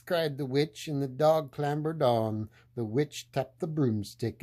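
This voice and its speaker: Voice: mid-range voice, slow, mellow. A storyteller reading a picture book aloud in a playful way, often laughing along with the story.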